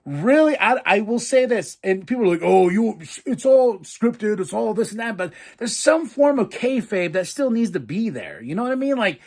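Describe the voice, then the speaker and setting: A man hosting a podcast, casually reviewing wrestling matches in an excitable, profane way, acting out his own reactions. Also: high voice, moderate pace, hardly any pauses. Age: adult with a daughter. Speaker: podcast host.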